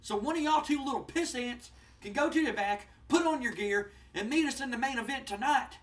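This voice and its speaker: A loud, high-pitched wrestling manager, as a man puts him on, indignant and boastful in his fast hype. His voice sounds set back from the mic. He blusters at full volume, defending himself and talking up his client. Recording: voice distant from the mic.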